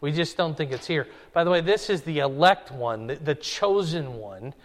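A man's voice: a little high, lively intonation, normal speed. A man preaching an expository Bible sermon, conversational and emphatic, pushing his voice up for stress. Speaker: pastor. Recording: long hall reverb.

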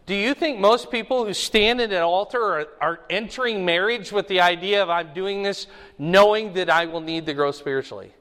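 A man's voice: high-pitched, normal speed, fairly bright tone, big-room sound. A man preaching a conversational sermon to a congregation, often checking that listeners follow him. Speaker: pastor. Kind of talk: sermon teaching.

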